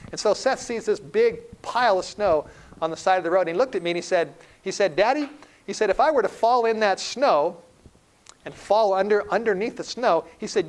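Earnest preacher man, rising and hushing. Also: a little high, low-quality recording. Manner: earnest, swells loud then drops to a hushed tone. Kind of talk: sermon.

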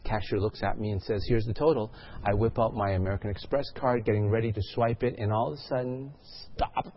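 A man's voice: fairly low pitch, fairly even intonation, fast talker, dull audio. A male pastor delivering a sermon, telling a story and asking the congregation questions.

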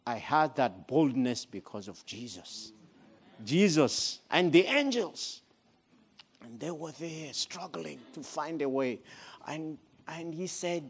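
Slow-speaking man telling a sermon story. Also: on the high side, lively intonation, slightly rough. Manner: slow, deliberate, with dramatic swings in loudness. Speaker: guest speaker.

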